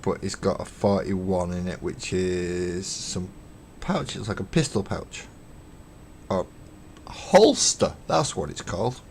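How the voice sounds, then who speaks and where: Easygoing male streamer, lowish voice, self-deprecating and a bit sweary, narrating his hobby work live. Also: slow, vocal fry, slight background noise. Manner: chatty and self-mocking, counts parts aloud, swears casually. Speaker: streamer building miniatures. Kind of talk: casual live-stream chat while working. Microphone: webcam stream.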